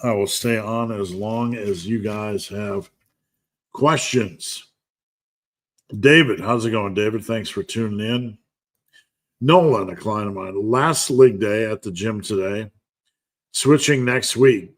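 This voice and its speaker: A relaxed man with a fairly low voice runs a casual live question-and-answer stream. He reads viewer comments aloud, jokes around and laughs easily between his answers. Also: slow pace, pauses often. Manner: laid-back, jokey, reads chat comments aloud and laughs often. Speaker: podcast host answering live chat questions.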